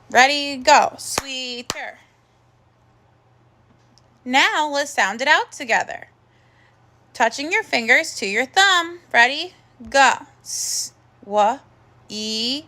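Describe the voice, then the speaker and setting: A woman teaching a first grade phonics lesson, slowly sounding out words and praising the children. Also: high-pitched, bright, forceful tone. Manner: slow, clear, encouraging teacher talk with drawn-out sounds.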